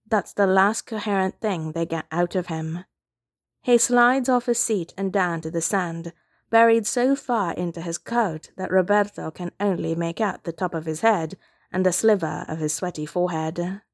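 A woman narrating a story aloud, steady and measured. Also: lowish voice, dry recording, clean studio sound. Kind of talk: reading fan fiction aloud.

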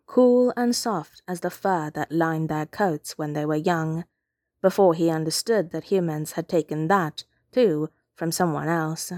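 A woman reading fiction aloud as narrator, with calm, steady storytelling. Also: low-pitched, dry recording, clean studio sound.

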